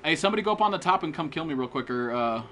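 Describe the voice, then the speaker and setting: A man's voice: on the high side, animated, racing, fairly bright tone, slight background noise. Foul-mouthed man trash-talking while gaming. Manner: profane trash-talk, greeting chat viewers. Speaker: game streamer. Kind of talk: live gameplay commentary.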